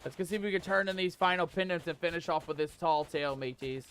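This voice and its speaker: A man's voice: fairly high pitch, fast, fairly bright tone, slight background noise. A man streaming a pirate game who reads the chat aloud and talks in playful pirate slang. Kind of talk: live gameplay commentary. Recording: music playing under voice.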